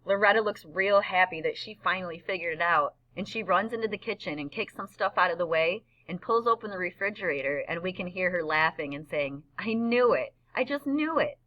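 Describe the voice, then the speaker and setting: A woman's voice: on the low side, brisk, hardly any pauses, muffled recording. A woman narrating an audiobook in a boy's first-person voice, telling the story plainly. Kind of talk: scripted narration.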